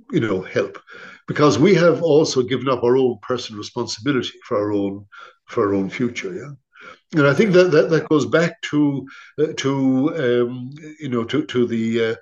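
A man's voice: mid-range voice, highs cut off. A man, a priest and theologian, talking in an interview, often stopping, repeating words and restarting. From Ireland. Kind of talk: conversational interview.

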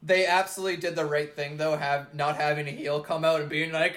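Excited guy watching wrestling with a buddy, swears a lot, laughs, kinda high voice, echoey room. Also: brisk, hardly any pauses. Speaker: co-host watching a wrestling show. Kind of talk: casual chat with swearing and laughter.

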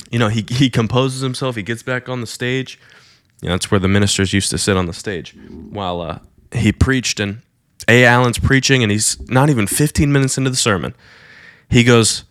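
A man retelling a miracle story in a sermon, his voice rising high when he quotes the preacher's vision. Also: a bit bright, no room sound, clean studio sound.

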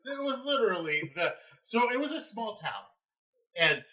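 Podcast host, male, bright lively voice, laughing storyteller, casual chat. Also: high voice, moderate pace, poor audio. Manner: animated, laughing, yells quoted lines. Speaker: former EMT.

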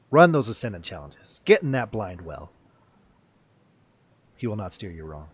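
Male host, casual gaming chat, playful hype, animated pitch. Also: unhurried, slightly rough. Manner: playful, hyping, laughing. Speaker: podcast host.

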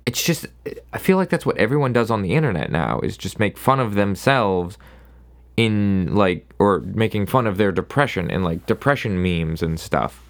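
A man's voice: fairly low pitch, vocal fry. A man hosting his own solo podcast, rambling casually and sarcastically, often restarting his sentences. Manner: rambling, sarcastic, self-interrupting. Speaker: podcast host.

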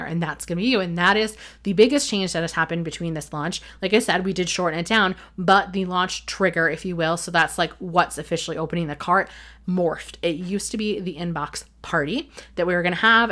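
A woman's voice: fairly low pitch, brisk, a bit bright. A woman hosting her own podcast, talking candidly and emotionally in a rambling, earnest way about her business. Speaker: podcast host on email marketing. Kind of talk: candid solo podcast talk.

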